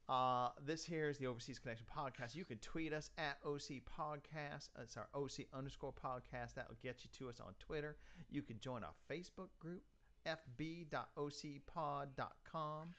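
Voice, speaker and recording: A man's voice: a little high, moderate pace, fairly bright tone. A man doing a put-on Texas accent, reading the podcast's contact plugs in a folksy, emphatic way.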